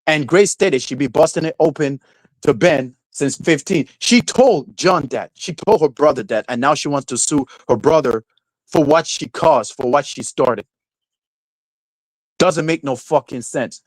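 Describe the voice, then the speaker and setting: A young man rants on his live stream, swearing and breaking into a high mocking falsetto to jeer. His voice sits a little high for a man, and it is recorded close and dry with no room sound. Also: measured pace, no echo, poor audio. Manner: ranting, profane, mocking, falsetto mimicry of quotes. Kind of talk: casual live-stream rant.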